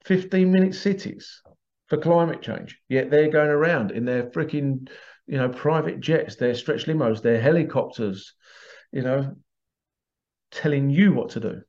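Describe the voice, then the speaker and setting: A man's voice: medium pitch, a little slow, darkish tone. A man hosting a podcast, delivering an agitated monologue full of rhetorical questions. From United Kingdom. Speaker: podcast host. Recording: dull lo-fi recording.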